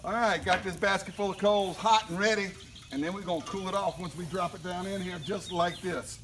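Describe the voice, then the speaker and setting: A man's voice: high voice, fairly quick, background noise. A middle-aged man, telling a rambling story casually in his barbecue vlog, outdoors by his smoker. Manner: folksy, rambling, chatty storyteller. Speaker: barbecue channel host.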